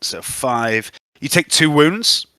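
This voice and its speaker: A man's voice: a little high, lively intonation, slow, sharp tone, no echo. A man running a tabletop game as game master, chatty and easygoing, telling anecdotes between dice rolls. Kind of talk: running a tabletop game over casual chat.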